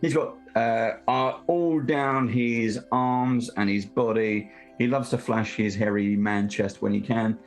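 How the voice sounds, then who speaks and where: A man's voice: medium pitch, steady tone, slow pace, hardly any pauses. A man playing a tabletop game, describing his character with earnest enthusiasm. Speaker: player. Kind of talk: casual tabletop chat. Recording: faint background music.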